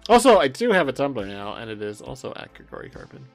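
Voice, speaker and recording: A man co-hosting a casual podcast, talking in halting bursts with many fillers and easy laughter. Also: medium pitch, big pitch swings, vocal fry, faint music behind. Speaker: podcast co-host.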